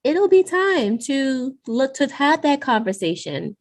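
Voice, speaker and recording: A woman's voice: sits high, very animated, slow. A woman co-hosting a podcast in casual conversation, earnest and urging, with a few restarts. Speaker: podcast co-host.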